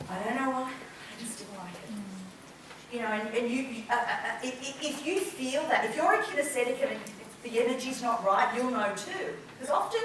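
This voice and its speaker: Here the same kind of scene plays out: a woman with an Australian accent, a business speaker, playfully addresses a live seminar crowd, performing flirty lines with gasps and laughs. Her voice is fairly high and fairly bright, recorded in an echoey room from a distant mic with a faint hiss or hum.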